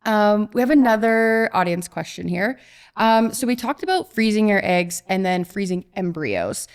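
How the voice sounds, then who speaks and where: A woman's voice: mid-range voice, expressive, moderate pace, clear, resonant tone. A woman host moderates a panel, reacting to stories and reading out audience questions. Her voice moves freely up and down.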